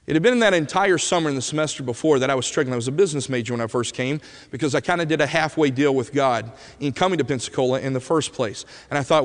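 Preacher telling a story in a ringing hall. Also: male voice, mid-range voice, quick pace, few pauses. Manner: animated storyteller, swings from loud to hushed. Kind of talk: sermon storytelling.

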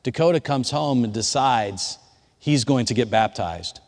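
Pastor guy preaching a story, goes quiet then yells, big echoey church sound. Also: medium pitch, expressive, unhurried. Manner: swings from hushed storytelling to shouted quotes. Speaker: youth pastor. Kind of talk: sermon storytelling.

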